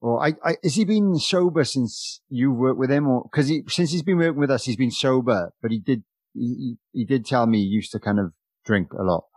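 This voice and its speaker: A man hosting a casual chat, easygoing and quick to laugh along. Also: mid-range voice, a little mellow, slightly rough, dry recording. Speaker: podcast host, musician.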